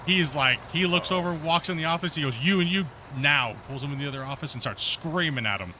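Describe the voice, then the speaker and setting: In casual voice chat on his live stream, a male host rambles through a lengthy, animated story, stuffing it with fillers and restarts. His voice is a little high and fast, over a bit of hiss or hum.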